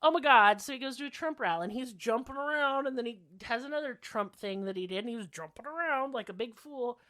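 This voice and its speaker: A woman's voice: fairly high pitch, quick pace, fairly bright tone, no room sound, studio quality. Sassy, profane woman podcaster. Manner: sassy, profane and self-mocking. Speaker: podcast co-host. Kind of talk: casual chat.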